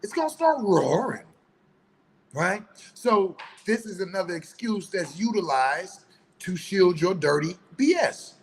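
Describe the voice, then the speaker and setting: A man delivers a heated, preachy monologue in loose, colloquial speech. His voice sits a bit higher than most men's, with a faint hum of room noise behind it. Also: very animated, unhurried, low-quality recording. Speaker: online commentator. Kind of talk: opinion monologue.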